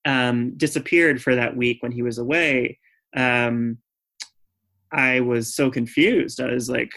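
A man's voice: medium pitch, fairly even intonation, takes it slowly, a bit bright. Candid man telling a personal story. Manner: chatty, full of "like" and "um" fillers; earnest and candid.

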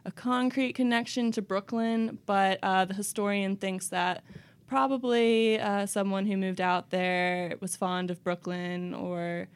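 A woman's voice: medium pitch, fairly even intonation, a little slow, smooth. A woman reporter, a guest in a radio studio, explaining her story plainly, step by step. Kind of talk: radio interview.

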